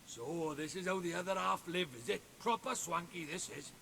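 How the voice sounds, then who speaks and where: A man's voice: sits high, normal speed, gravelly, bright, forceful tone, slight background noise, exaggerated voice. A man voicing a cheeky, mouthy little fairy sidekick in a video game, chirpy and sarcastic. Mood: cocky.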